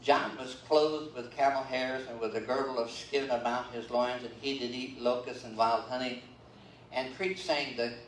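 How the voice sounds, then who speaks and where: In a church sanctuary, an older male pastor preaches conversationally at normal speed, his medium-pitched voice fairly even in intonation. He uses many fillers and checks in with "okay?", and the distant, roomy livestream has slight background noise.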